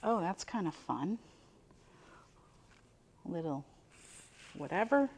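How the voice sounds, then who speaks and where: An older woman talks her viewers through a mystery box, exclaiming over each little find. Her voice sits a touch low, and she takes her time. A faint hiss of background noise runs under the recording. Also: very animated, takes it slowly, darkish tone. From Buffalo, New York. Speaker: reseller unboxing mystery boxes. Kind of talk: casual unboxing chat to viewers.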